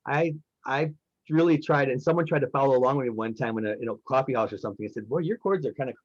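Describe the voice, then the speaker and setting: A man's voice: mid-range voice, fairly even intonation, fast talker. A man interviewing a songwriter, chatty and enthusiastic, with many fillers. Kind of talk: casual interview talk. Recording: dry, dull lo-fi sound.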